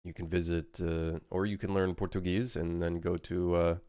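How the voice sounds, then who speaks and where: A young native French-speaking man rambles and jokes with his live-stream chat as he works on a game level. His voice sits low and deep. The sound is dry and close, with no room around it. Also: little pitch movement, normal speed, mellow, clean tone, no room sound. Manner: rambling, joking, answers chat while working.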